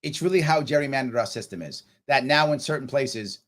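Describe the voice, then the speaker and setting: A New Yorker with a mid-range voice, lively intonation, and brisk delivery hosts a political livestream. He reads chat comments aloud, gives blunt answers, and occasionally scolds a commenter heatedly.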